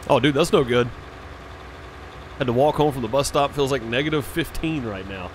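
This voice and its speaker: Live-streaming a farming game, this man talks to his viewers at a normal pace in a mid-range voice, relaxed and meandering, with frequent "uh" and "man." There's a little hiss or hum in the audio.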